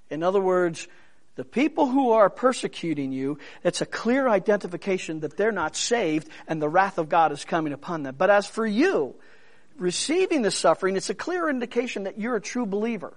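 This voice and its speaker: A man with a high voice preaching a sermon. He talks conversationally, swinging from quiet, soft-spoken stretches to louder, emphatic bursts, with humorous asides along the way. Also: very animated, normal speed. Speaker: pastor.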